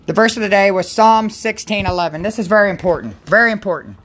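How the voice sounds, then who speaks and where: A woman's voice: medium pitch, fast talker. Rambling woman hosting a devotional stream. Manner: rambling, self-interrupting, chatty. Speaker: host of a Christian livestream. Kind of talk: casual devotional chat.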